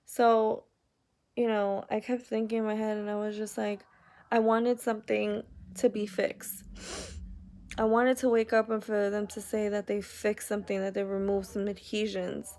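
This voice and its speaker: Young woman vlogging, talks flat with lots of fry, rambles w/ "like" a lot, sounds upset. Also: medium pitch, normal speed. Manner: rambling, heavy use of "like", candid and upset. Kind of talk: casual personal vlog story.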